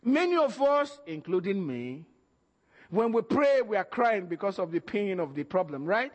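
A man preaching a sermon, calling out to the congregation and shouting at the peaks while acting out the voices he quotes. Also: very high voice. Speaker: pastor. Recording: church hall reverb.

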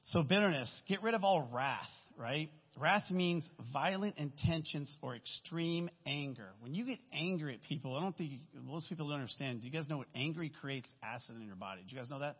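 A man's voice: on the high side, lively intonation, a little fast, hardly any pauses, breathy edge. A man, a guest speaker, giving a candid, rambling testimony sermon in a church, often checking in with "right?". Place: church sanctuary. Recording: dull recording with long hall reverb.

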